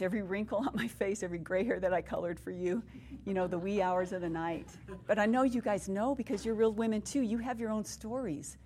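Animated middle-aged woman preaching testimony. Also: on the low side, a little hiss or hum. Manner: animated storyteller who acts out quotes. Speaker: women's conference speaker. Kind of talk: personal testimony and Bible teaching.

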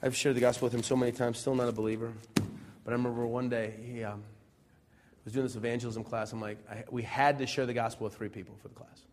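A man's voice: mid-range voice, flat delivery, quick pace, a little hiss or hum. Conversational preacher asking his audience questions. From Central Illinois. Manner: conversational preaching full of rhetorical questions, swinging between loud and soft. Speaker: pastor. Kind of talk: sermon. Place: church.

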